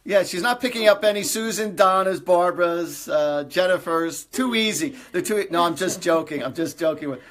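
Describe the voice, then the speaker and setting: His high-pitched, slightly bright voice runs at normal speed with hardly any pauses as this middle-aged man hosts a live psychic reading. He earnestly relays reassuring messages to viewers, repeating phrases and joking lightly.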